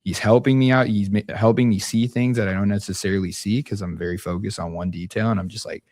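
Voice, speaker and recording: Very deep-voiced laid-back young man. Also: steady tone, fast, a little mellow, dry recording, studio quality. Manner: laid-back, rambling with many restarts. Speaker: basketball coach guest. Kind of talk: casual podcast chat.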